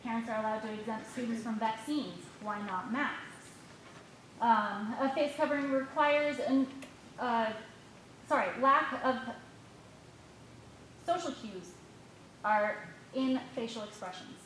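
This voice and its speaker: Brisk, pointed woman in an echoey hall. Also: fairly high pitch, fairly bright tone. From United States. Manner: brisk and pointed, reading from notes. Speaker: parent giving public comment. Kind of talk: reading prepared public comment. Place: school board meeting room. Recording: echoey hall with faint noise.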